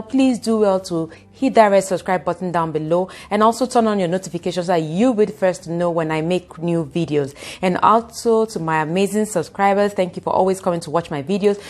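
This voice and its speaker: Fast-talking Nigerian woman vlogger. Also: mid-range voice. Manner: fast-talking, expressive, acts out quoted voices. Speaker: YouTuber. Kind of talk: casual vlog talk to camera.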